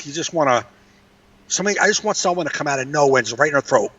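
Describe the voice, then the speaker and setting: A man rants with profane, exasperated energy on a casual comedy podcast. His voice sits a bit high and sounds set back from the microphone. The sound is dull and lo-fi. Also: animated, fast talker, pushed and bright. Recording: distant, dull lo-fi mic.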